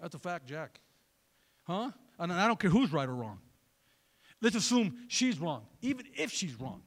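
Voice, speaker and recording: A man preaching a sermon in an animated way, throwing joking asides to the congregation. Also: high voice, a little slow. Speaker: pastor.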